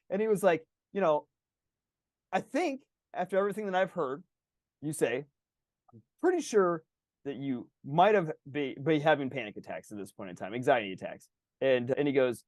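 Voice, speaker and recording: A man in his thirties hosting a podcast, telling a personal story in casual, animated chat, swearing and acting out the dialogue. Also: on the high side, moderate pace, dry recording, studio quality. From Indianapolis. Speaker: podcast host.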